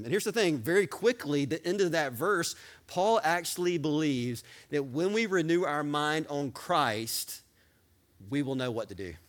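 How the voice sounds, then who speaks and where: A pastor preaching with animated, excited energy, his voice pitched a bit high. He works himself up until he is nearly yelling, then pulls back. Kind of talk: sermon.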